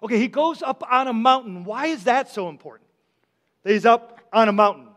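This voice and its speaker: A man's voice: extremely high pitch, expressive, fairly quick, fairly bright tone. A man preaching a sermon as pastor, talking conversationally, asking the congregation questions and often repeating his words. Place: church sanctuary. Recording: long church hall reverb.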